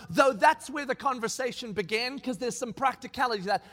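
A man's voice: very high voice, brisk, hardly any pauses. A man preaching a sermon, telling a story with emphasis and acting out the lines of the people in it. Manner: animated, acts out quoted lines, emphatic. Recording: long reverb of a large hall.

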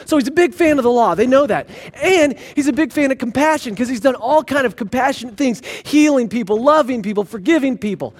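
A man preaching a sermon, retelling scripture stories in a lively way with sarcastic asides. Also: extremely high pitch, fairly quick, hardly any pauses. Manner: animated storytelling with sarcastic asides. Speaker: pastor.

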